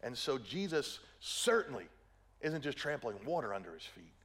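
A man's voice: mid-range voice, big pitch swings, moderate pace, fairly bright tone. A middle-aged man preaching a sermon, telling stories playfully, acting out quotes and often checking in with "right?". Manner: playful storytelling, acts out quotes, keeps asking "right?".

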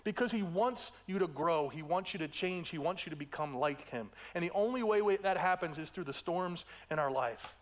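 A male pastor preaching a conversational sermon, often asking "right?" and swinging between raised emphasis and quiet, intimate asides. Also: fairly high pitch, expressive, normal speed, hardly any pauses. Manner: conversational preaching with tag questions, swings between loud and hushed.

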